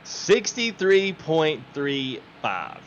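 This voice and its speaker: A man's voice: a little high, very animated, drawn-out words, muffled recording, slight background noise. A man hosting a game livestream, chatting casually, laughing often and quoting his viewers. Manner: laughing, chatty, quotes chat. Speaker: livestream host.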